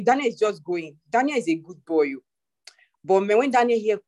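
A woman leading a church prayer call, preaching and joking with animated swings in voice. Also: mid-range voice, fairly quick. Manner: animated, preachy, laughs and jokes. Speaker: prayer group leader. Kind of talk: testimony session on a call.

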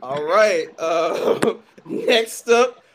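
A man co-hosting a podcast in casual chat, relaxed and laughing often. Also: sits high, very slow, crowd noise. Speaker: podcast co-host. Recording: clear background noise.

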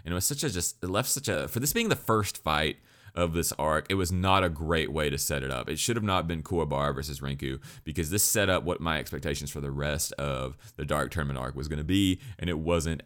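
A man's voice: very deep voice, fairly quick, a bit bright. A man giving a rambling, profane spoken review, full of restarts and stutters. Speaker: anime reviewer.

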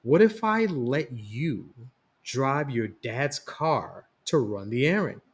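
A man reading a story voices a mother who calmly coaxes her son and niece, speaking in a measured way. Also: medium pitch. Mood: coaxing. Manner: calm, coaxing, measured. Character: mother, firm and persuasive middle-aged woman.

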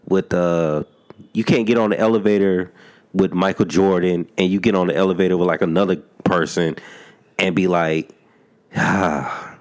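A man's voice: deep voice, darkish tone. A man joining a casual chat with joking asides and frequent laughter. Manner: laughs often, jokey asides.

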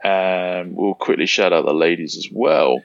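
A man's voice: sits low, a little slow, creaky, no echo, muffled recording. A man co-hosting a casual podcast, reading out race results with lots of ums and easy laughs. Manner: relaxed, hesitant, many ums, laughs easily. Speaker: podcast co-host.

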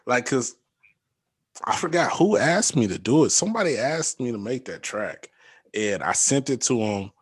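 Young guy, animated storyteller, does the voices, laughs a lot, dry close sound. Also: medium pitch, moderate pace, breathy edge, no room sound. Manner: animated storyteller, acts out quotes, laughs often. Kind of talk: casual chat.

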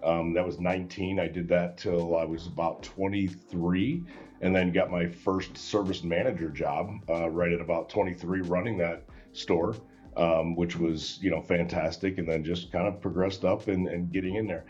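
A man guest on a podcast, telling a story in a casual, animated way and acting out the dialogue with many restarts. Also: deep voice, normal speed, lo-fi sound, faint music behind.

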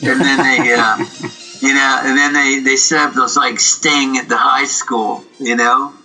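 A man, an actor, telling rambling, animated stories in an interview, with many fillers and restarts. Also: mid-range voice, a little slow, soft background music, rough recording. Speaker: actor, guest. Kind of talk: casual storytelling interview.

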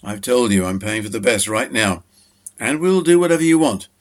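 A man's voice: lowish voice, animated, normal speed, natural voice. A man playing a firm, reassuring fiancé. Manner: firm, reassuring and cheerfully bossy. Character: steady, devoted man reassuring his fiancée.

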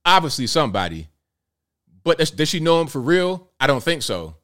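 A man's voice: a little high, big pitch swings, normal speed, fairly bright tone. A man in his thirties hosting a casual commentary show, chatty and incredulous as he talks through a clip. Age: 30s. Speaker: host.

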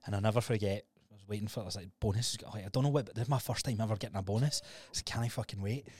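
His voice is fairly low and slightly rough, and he races through his words on a dry recording. He's a young podcast co-host chatting casually, swearing freely and animatedly retelling stories.

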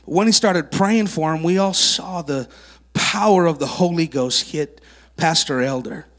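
With a fairly high voice and a measured pace, a male preacher in a church sanctuary tells miracle testimonies and calls child volunteers up at a kids camp. He's an animated storyteller who works with the children, delivering a sermon built around testimony stories.

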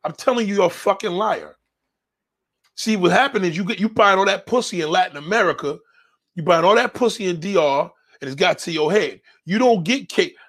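A man's voice: high-pitched, a little fast, fairly bright tone. A man hosting a show, reading viewer comments and answering them in a blunt, confrontational rant full of swearing. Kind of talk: profane ranting commentary.

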